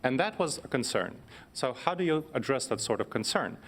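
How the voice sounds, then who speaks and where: A man, a consultant, explaining his point on a panel in a measured, conversational way. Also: medium pitch, very animated, fairly bright tone.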